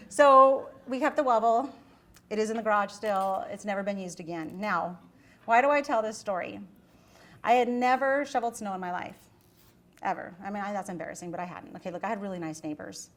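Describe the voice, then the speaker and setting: A middle-aged woman giving a university lecture, telling a chatty story in an animated way and acting out the quoted voices. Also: medium pitch, brisk. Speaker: guest lecturer.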